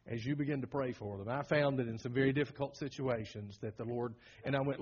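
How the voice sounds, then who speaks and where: A middle-aged man with a Southern American accent preaching a sermon as pastor, folksy and humorous, swinging from loud bursts to hushed lines. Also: mid-range voice, quick pace, few pauses, husky, dull audio.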